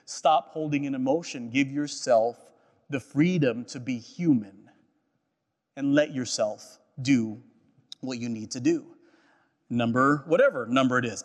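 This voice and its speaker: A man's voice: a little high, expressive, unhurried. A man preaching a sermon as a pastor, earnest and personal, often repeating phrases and checking in with "right?". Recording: echoey hall.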